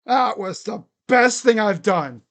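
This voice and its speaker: A man doing excitable live play-by-play as a fan, cheering, chanting and grumbling at his team. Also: sits high, slow pace. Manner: animated, cheering and chanting, swings to muttered grumbling. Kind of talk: excited live game commentary.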